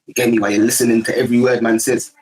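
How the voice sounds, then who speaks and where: A man's voice: mid-range voice, flat delivery, racing, a little mellow, rough recording. A young man with a London accent, chatting casually as a livestream host and rambling in heavy street slang. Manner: rambling, heavy street slang, keeps asking "you get me".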